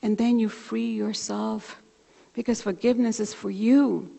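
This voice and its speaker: A woman's voice: fairly high pitch, a little slow, vocal fry. A woman minister giving a sermon, telling a personal story and acting out both sides of a phone conversation. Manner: warm storytelling, animated when retelling a conversation. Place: church sanctuary. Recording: church livestream with long reverb.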